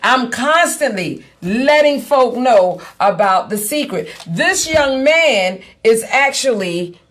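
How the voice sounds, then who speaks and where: A woman's voice: on the high side, expressive, slow, a bit bright. A woman hosting a live-streamed podcast, chatty, calling listeners "y'all" and repeating points for emphasis. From Savannah, Georgia. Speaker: podcast host. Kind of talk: casual live-streamed talk show.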